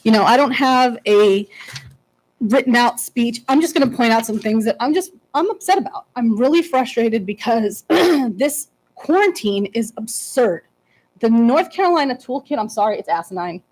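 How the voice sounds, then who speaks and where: Brief: high-pitched woman, upset parent, unscripted public comment, indignant, stumbling restarts. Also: lively intonation, a little mellow, poor audio. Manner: emotional, indignant, halting restarts. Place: public board meeting.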